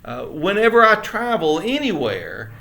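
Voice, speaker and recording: A man with a Southern American accent teaches a church Bible lesson earnestly and conversationally, often restarting and putting rhetorical questions to his listeners. His voice is high and gravelly, bright and forceful, swinging hugely in pitch at a measured pace.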